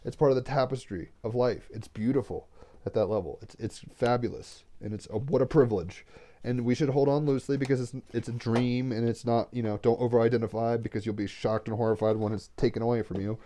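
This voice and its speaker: A man's voice: medium pitch, steady tone, fairly quick, mellow. A man doing a casual tarot card reading, rambling and getting emotional as he talks, swearing freely.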